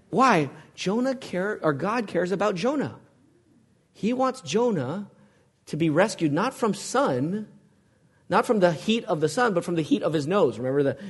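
Man preaching with a higher voice. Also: a bit bright, breathy edge. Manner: asks the congregation questions, emphatic preaching. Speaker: pastor. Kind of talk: sermon.

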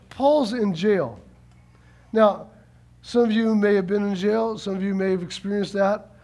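A male pastor preaching a sermon, animated, repeating words for emphasis and acting out quotes, swinging from quiet slow lines to loud shouts. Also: sits high.

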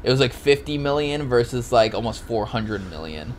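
A man's voice: mid-range voice, lively intonation, normal speed, a little hiss or hum. A man co-hosting a podcast in loose, rambling casual chat, laughing often and swearing freely. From Oregon, US. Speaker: podcast co-host.

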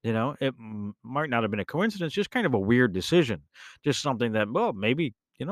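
A man hosting a podcast, telling a rambling personal story in a casual, animated way, often correcting himself mid-sentence. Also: mid-range voice, fairly quick, no room sound, studio quality. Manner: animated, rambling, with self-corrections and bursts of laughter. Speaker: podcast host.

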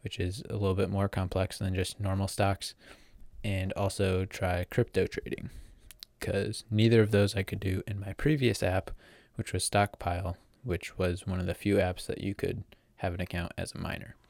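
A man's voice: deep voice, flat delivery, moderate pace, vocal fry, darkish tone, no echo. An eighteen-year-old young man telling a casual story in a rambling way, full of fillers and restarts. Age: teens. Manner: rambling, filler-heavy, self-correcting. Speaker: vlogger.

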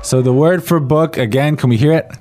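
A man's voice: a little high, brisk, darkish tone, faint music behind. A man hosting a language lesson podcast, explaining in a friendly way. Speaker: podcast host.

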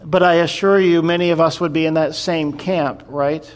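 Male pastor, sermon, casual storytelling tone, somewhat high pitch. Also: fairly even intonation, normal speed. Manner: conversational storytelling, explaining scripture.

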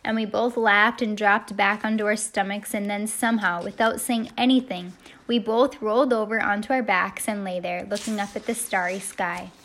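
A woman's voice: medium pitch, fairly even intonation, normal speed. A woman narrating a first-person audiobook in a heartfelt storytelling manner. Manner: heartfelt storytelling, shouting the quoted lines.

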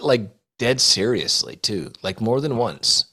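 Man, podcast co-host, deadpan mock-serious storyteller who breaks into laughter. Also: fairly low pitch, measured pace, husky. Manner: mock-solemn storytelling, laughing through his own jokes. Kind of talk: casual comedic chat.

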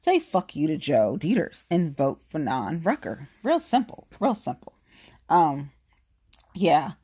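A woman's voice: low voice, sing-song, unhurried, warm tone, breathy edge. A woman in her late thirties with an African American English accent, ranting about politics in a blunt, profane, fired-up way. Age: 30s. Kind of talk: casual political rant.

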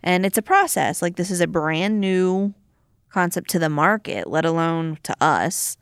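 A woman's voice: lowish voice, a little slow, clean tone, no echo, studio quality. A woman in her thirties in casual chat as a podcast host, telling stories animatedly and acting out quotes. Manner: animated storytelling, acts out quotes loudly.

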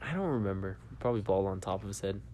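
A man's voice: low-pitched, lively intonation, fast talker, dark tone. A young man co-hosting a podcast in casual comedic chat, laid-back, saying "dude" and "bro" and laughing easily. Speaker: podcast co-host.

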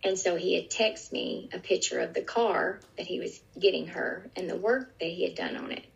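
A woman's voice: fairly low pitch, normal speed, gravelly. A middle-aged woman recounting a personal experience in an interview, earnest and vivid, often restarting her sentences. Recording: dull lo-fi recording.

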